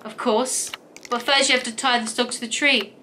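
Woman playing a sneering stray cat, lower and quieter, bright tone, dismissive, game character. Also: steady tone, normal speed, slight background noise. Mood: scornful. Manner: cool, dismissive and haughty. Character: feisty, scornful female stray cat.

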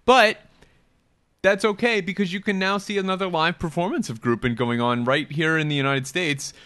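A man's voice: high-pitched, a bit bright, clear, resonant tone, no echo. Dry-voiced joking male podcast host. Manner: joking, fast, full of fillers. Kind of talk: casual panel chat.

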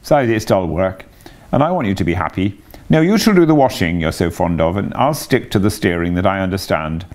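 A man's voice: low-pitched, expressive, a little fast, a little mellow. A man voicing a large, hearty canal barge woman who talks in a bluff, friendly way. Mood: insistent.

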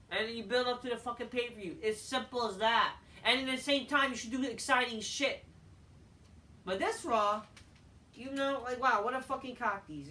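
A man with a very high, bright, forceful voice gives a casual solo review of a wrestling show, ranting, swearing a lot, and repeating his points. The recording sounds echoey, with a distant mic and faint noise.

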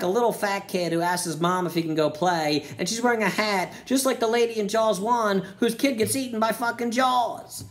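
Crude sarcastic man ranting about a movie. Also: sits high. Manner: crude, sarcastic rants with jokey put-on voices. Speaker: comedic movie reviewer. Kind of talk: profane stand-up style movie review.

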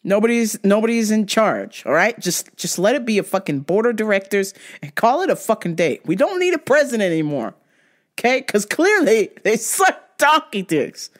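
A woman's voice: medium pitch, big pitch swings, moderate pace. A woman hosting a podcast, ranting bluntly and casually, swearing constantly. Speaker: podcast host. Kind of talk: casual profane rant.

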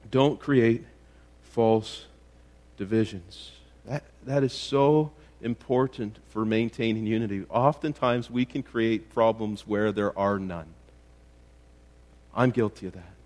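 A man's voice: fairly low pitch, slow pace, a little mellow. A man preaching in church as pastor, often restarting his sentences and building to emphatic rhetorical questions. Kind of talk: sermon.

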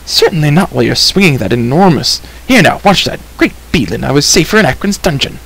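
A man's voice: medium pitch, expressive, brisk, vocal fry, low-quality recording. A man voicing a chatty wandering bard who talks in a flowery, apologetic way, in a storybook reading. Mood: flustered. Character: chatty wandering male bard, flustered and wordy.

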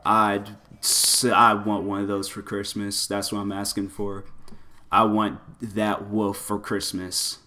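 A man giving loose, excitable commentary over his fighting-game play, full of exclamations and filler words. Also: fairly low pitch, slow, soft background music. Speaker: gameplay commentator. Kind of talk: casual gameplay commentary.

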